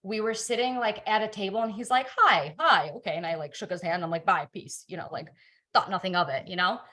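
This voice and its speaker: A young adult woman telling her life story in a relaxed interview, lively and full of fillers and repeats. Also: mid-range voice, fast talker. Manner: animated, many fillers and repeated words. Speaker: guest. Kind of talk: conversational storytelling.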